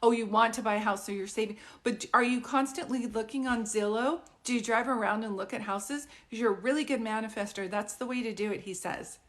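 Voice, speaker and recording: A woman's voice: a little high, fairly quick, hardly any pauses. A woman working as a psychic medium, chatting through a live-streamed group reading and often asking whether it makes sense. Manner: chatty, keeps checking "does this make sense".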